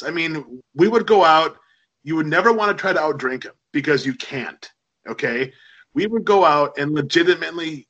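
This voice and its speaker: A middle-aged man with a bright, forceful voice that sits a little high for a man. He tells chatty anecdotes full of fillers, in a relaxed conversational flow. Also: rough recording. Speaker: podcast guest. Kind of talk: casual storytelling.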